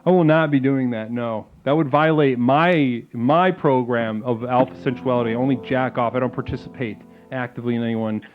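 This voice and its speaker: A man hosting a comedic call-in show, talking like a calm guru and then breaking into sudden crude outbursts. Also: mid-range voice, brisk, few pauses. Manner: mock-serene guru talk, abrupt crude outbursts. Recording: phone-like lo-fi sound with faint music.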